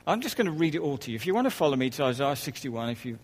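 A man's voice: medium pitch, sing-song, very fast, low-quality recording. Man preaching a chatty sermon. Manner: conversational, with soft laughs and asides.

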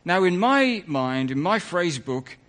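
A man's voice: sits high, sing-song, slow, a bit bright. A man preaching a conversational sermon in church, full of asides and self-corrections.

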